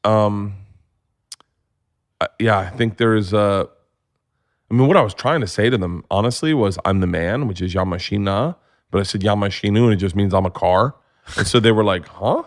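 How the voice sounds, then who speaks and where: A man in his forties, a comedian, telling stories in a casual interview, profane and animated, acting out what people said. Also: on the low side, moderate pace, long pauses. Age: 40s. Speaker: comedian guest. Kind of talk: casual storytelling chat.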